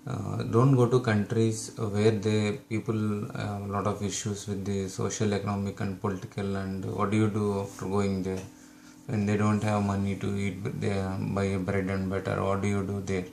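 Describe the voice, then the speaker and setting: Gravelly Indian-accented man with flat delivery. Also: on the low side, moderate pace, a little hiss or hum. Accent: Indian English. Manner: hesitant, many fillers and restarts. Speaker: YouTube channel host. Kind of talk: casual advice talk to camera.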